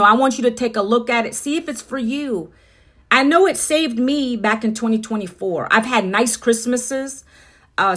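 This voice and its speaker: A middle-aged woman chats with viewers on a phone livestream. Her voice sits high and her tone is upbeat. She speaks casually and keeps talking straight to the people watching. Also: a bit bright. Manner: chatty, upbeat, addresses viewers directly. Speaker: livestream host.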